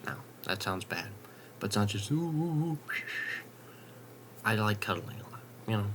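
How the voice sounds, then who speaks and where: A young man vlogging in a late-night ramble at home, swearing casually and drifting into soft half-whispers. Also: fairly low pitch, steady tone, brisk, a little hiss or hum.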